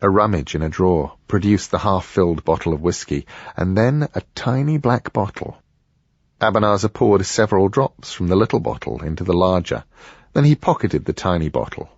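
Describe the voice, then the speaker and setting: A man narrating an audiobook in a measured storytelling manner. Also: low-pitched, expressive, creaky, husky, dry recording, lo-fi sound.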